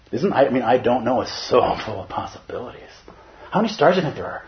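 A man giving a Zen dharma talk in an animated, playful way, at times putting on other voices. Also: medium pitch, quick pace, highs cut off. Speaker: Zen teacher.

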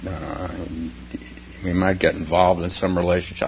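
Man, low voice, meditation teacher, informal dharma talk, halting with chuckles, dull lo-fi recording with faint hum. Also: steady tone. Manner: halting, with many restarts and chuckles.

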